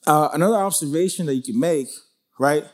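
A man teaching through a Bible passage in a relaxed, conversational way, with lots of "like" and "you know". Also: fairly high pitch, brisk. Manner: conversational, full of "like" and "you know", acts out quotes.

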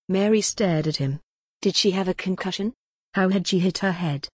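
A woman narrates a gothic novel in a measured, dramatic storytelling voice. Her tone sits a little low. The recording is close and dry, with no room sound. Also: a little mellow, husky, no room sound. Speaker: audiobook narrator. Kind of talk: scripted narration.

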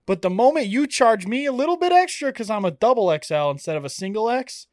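High-voiced man ranting in casual chat. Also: lively intonation, quick pace, a little mellow, no echo, clean studio sound. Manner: laughs often, gets worked up ranting. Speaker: podcast co-host.

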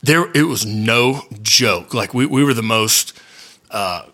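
A man, a former student, recalling high school football in a relaxed chat. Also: slow. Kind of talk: casual storytelling chat.

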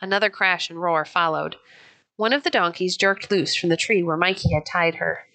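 A woman narrating a children's pioneer story in a clear, even, unhurried storybook reading. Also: on the low side. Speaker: audiobook narrator.

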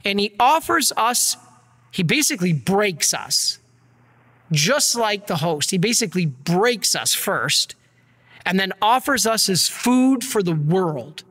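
A man, a priest, giving an earnest and energetic sermon with slides. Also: sits high, slow pace, long reverb tail. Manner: earnest, energetic preaching, gets worked up.

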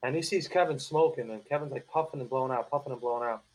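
A man's voice: medium pitch, quick pace, low-quality recording. A man telling stories in casual podcast chat, animatedly acting out coworkers' voices. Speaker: cigar company guest.

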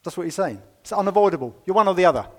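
A man's voice: high voice, animated, racing. Emphatic male preacher in reverberant hall. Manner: emphatic, swinging between loud stresses and quiet asides; conversational and wry. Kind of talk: sermon. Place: church. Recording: long reverb of a church hall.

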